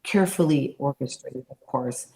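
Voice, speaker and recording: A middle-aged woman, an interview guest, telling a personal story in an animated way and acting out the voices she quotes. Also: a bass voice, moderate pace, vocal fry.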